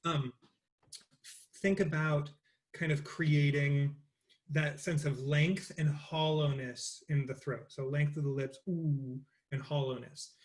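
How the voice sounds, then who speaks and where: A man leading an interactive voice lecture, explaining vocal acoustics casually with many fillers and restarts, and singing cooing warm-up patterns. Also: a little high, fairly even intonation, slow pace. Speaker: voice teacher.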